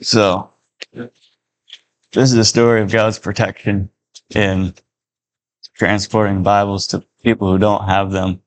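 A man reading a Christian story aloud in a steady, unhurried way. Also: on the low side.

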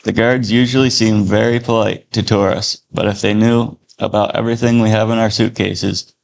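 A man's voice: on the low side, steady tone, moderate pace, creaky, low-quality recording. A man reading a story aloud, voicing a tense male traveler who answers politely and carefully. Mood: anxious murmur.

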